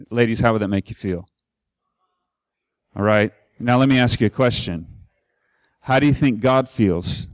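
A man's voice: on the low side, darkish tone, no room sound, clean studio sound. A man preaching a sermon as a campus minister, telling a story and putting questions to the audience.

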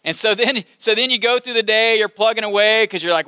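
High bright-voiced male preacher. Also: a little fast, smooth, dry recording, clean studio sound. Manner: animated, repeats phrases, leads audience call-and-response. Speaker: campus ministry preacher. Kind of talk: sermon. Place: large hall with balcony.

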